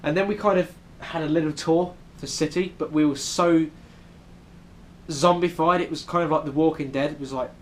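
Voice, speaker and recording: A young vlogger with a British accent talks a little fast in a fairly high, fairly even voice, rambling casually with many ums. There's a little hiss or hum, and he's in a hotel room in New York City.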